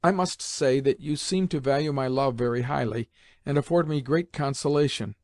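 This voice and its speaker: A man's voice: medium pitch, moderate pace, a little mellow, no echo, clean studio sound, close to an everyday voice. A man reading an audiobook, voicing a stern, reproachful elderly grandmother who stresses each word. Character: stern, tearful aristocratic grandmother, elderly woman. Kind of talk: audiobook character voice.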